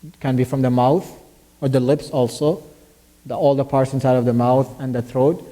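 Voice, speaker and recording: Teaching tajweed in a mosque classroom, a man patiently explains where Arabic letters are articulated, tests his student, and recites verses as examples. He speaks at a moderate pace with a medium pitch and level delivery, his warm voice filling a big room.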